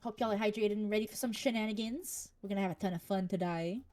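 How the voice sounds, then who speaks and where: A woman's voice: mid-range voice, quick pace, a little mellow. A woman, a player in a tabletop game, joking around in a giggly, playful way. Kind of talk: casual game banter.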